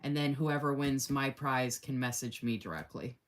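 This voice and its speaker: A woman's voice: very deep voice, normal speed. A woman hosting a casual live stream, chatty and effusive, laughing often and reading viewer comments aloud. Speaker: live-stream host running a giveaway.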